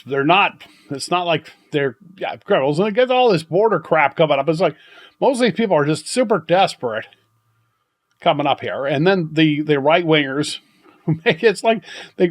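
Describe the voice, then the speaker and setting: An older man hosting a podcast, telling a story in a rambling, halting way with many restarts and chuckles. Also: fairly high pitch. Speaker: podcast host. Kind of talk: casual storytelling monologue.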